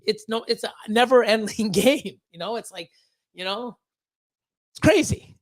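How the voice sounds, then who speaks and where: On his livestream, this man who breeds reptiles launches into long, blunt, profanity-laden rants, frequently tripping over repeated words. He speaks in a high-pitched voice at an unhurried pace.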